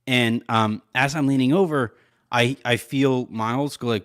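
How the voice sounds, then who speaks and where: A man in casual podcast chat, telling a story at a mid-range pitch. He rambles, fills gaps with "like" and laughs often. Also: steady tone, unhurried, a bit bright, smooth. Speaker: podcast co-host.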